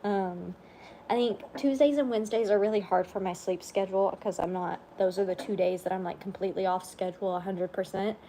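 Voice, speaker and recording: A woman's voice: medium pitch, steady tone, fairly quick, slight background noise. A woman chatting on a casual livestream, tired and under the weather, rambling and yawning. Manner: rambling, yawning, soft-spoken asides. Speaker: vlogger on a livestream.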